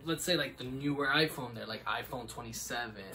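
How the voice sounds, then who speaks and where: A man's voice: mid-range voice, brisk, a loud crowd. A young man co-hosting a casual podcast, rambling and laughing often. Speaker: podcast co-host. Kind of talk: casual chat. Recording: distant mic, faint background noise.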